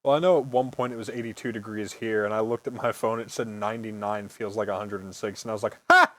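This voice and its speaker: A man's voice: fairly low pitch, fairly even intonation, fast, sharp tone. A man in his early twenties, host of a casual podcast, telling rambling stories, swearing freely and laughing often. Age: early 20s. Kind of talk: casual storytelling chat.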